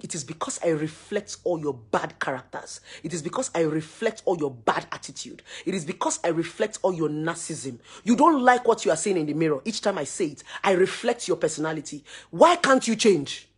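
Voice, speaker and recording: A Nigerian woman with a Nigerian accent giving a forceful, preachy to-camera rant full of repeated rhetorical questions. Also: deep voice, expressive, brisk, few pauses, husky. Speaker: social media commentator.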